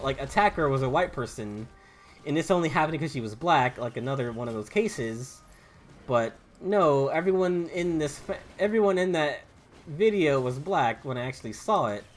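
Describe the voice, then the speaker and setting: A young gaming YouTuber with a Southern US accent rambles and stammers through restarts while commenting on his game, with faint game music behind. His voice is fairly high, expressive, a bit bright, at a moderate pace.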